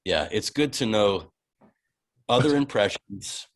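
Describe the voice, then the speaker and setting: A man in his forties, a podcast guest, telling an animated, profane anecdote with many restarts and bursts of laughter. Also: lowish voice, slow. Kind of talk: casual storytelling.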